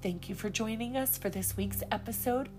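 A woman's voice: fairly high pitch, normal speed, music in the background. A woman expressively reading a children's storybook aloud as the storyteller. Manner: expressive, lively.

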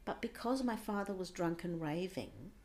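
Interview guest, a woman with a lower voice. Intense personal storytelling that drops to a hush at times. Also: lively intonation, normal speed, slight background noise.

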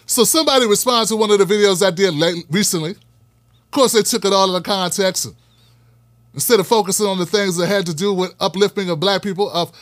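A man's voice: sits high, a bit bright, dry recording. A man hosting his own commentary show, delivering a blunt, profane monologue with emphatic repetition. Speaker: political commentary host. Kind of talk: fiery direct-to-camera monologue.

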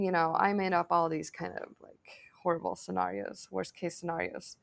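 Gravelly, lively storytelling woman. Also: on the low side, moderate pace, few pauses. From Sweden. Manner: animated storyteller, acts out quoted dialogue, swears casually. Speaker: podcast guest. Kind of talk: casual conversation. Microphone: video call.

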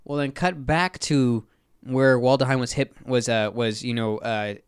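A man's voice: medium pitch, fairly even intonation, measured pace, smooth, no echo, clean studio sound. A man hosting a podcast, casually recapping a movie plot with lots of filler words. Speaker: podcast host. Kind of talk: casual film recap chat.

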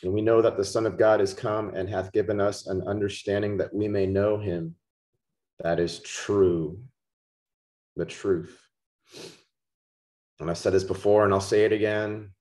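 A man preaching a podcast sermon, slow and emphatic, repeating key words for stress. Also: fairly low pitch, steady tone, darkish tone. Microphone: podcast microphone.

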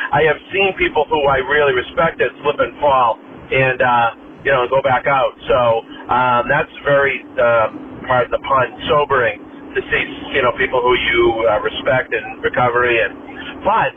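A man with a Boston accent calling in to a recovery podcast, talking casually and rambling with fillers. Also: mid-range voice. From Boston, Massachusetts. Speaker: caller. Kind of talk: phoned-in recovery podcast comment. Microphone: phone. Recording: phone line with background noise.

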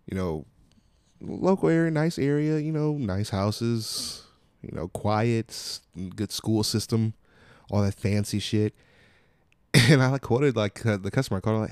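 Young male podcast host, lower voice, loose and profane, recorded dry. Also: lively intonation, unhurried, a little mellow, clear, resonant tone, no room sound. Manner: laid-back, profane storytelling with acted-out quotes. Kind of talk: casual chat.

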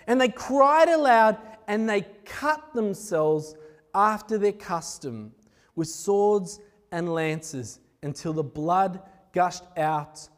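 High-voiced man preaching in a hall. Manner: animated, conversational retelling with laughing asides. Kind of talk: sermon. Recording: echoey hall.

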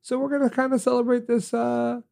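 A man's voice: very high-pitched, little pitch movement, fairly quick, vocal fry, mellow. A stuffed-up man co-hosting a podcast, chatting casually and teasing his co-host. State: congested. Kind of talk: casual chat.

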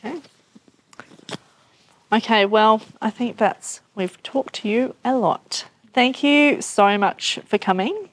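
A woman hosting a live podcast recording, thanking her guest and the school leadership with grateful, halting words. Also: a little high. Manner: warm, grateful, hesitant with fillers. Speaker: podcast host.

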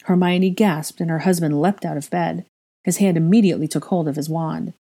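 A woman narrating a fan fiction audiobook in a steady, even storytelling manner. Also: sits low, fairly quick.

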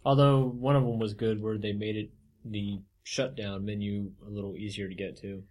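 A man co-hosting a podcast, joking sarcastically and swearing in a relaxed chat. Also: fairly low pitch, moderate pace. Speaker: podcast co-host. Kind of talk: casual chat.

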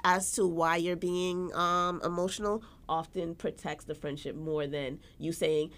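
A woman's voice: fairly low pitch, steady tone, normal speed, hardly any pauses, fairly bright tone. A woman co-hosting a podcast in casual chat, candid and emphatic, often restarting her sentences. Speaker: podcast co-host.

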